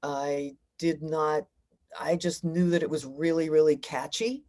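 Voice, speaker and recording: A woman's voice: sits low, a little slow, dark tone. A middle-aged woman, a singer-songwriter, talking reflectively in a casual interview.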